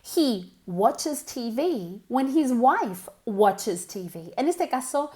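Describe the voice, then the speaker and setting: A woman teaching English, running slow pronunciation drills and exaggerating sounds so learners can hear them, with short explanations in Spanish. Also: on the high side, sing-song, darkish tone. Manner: exaggerates pronunciation and laughs at herself. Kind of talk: online language lesson with drills.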